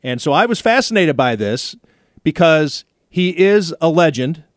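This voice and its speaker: A man's voice: fairly high pitch, big pitch swings, measured pace, no echo. Dry-voiced chatty male radio host. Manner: chatty storyteller, playfully indignant. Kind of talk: casual studio banter.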